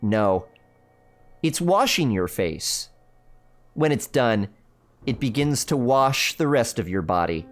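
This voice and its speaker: A man's voice: medium pitch, big pitch swings, takes it slowly, pauses often. A man hosting a livestream, reading a spooky choose-your-own-adventure book aloud in a theatrical, playful way with joking asides. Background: faint background music.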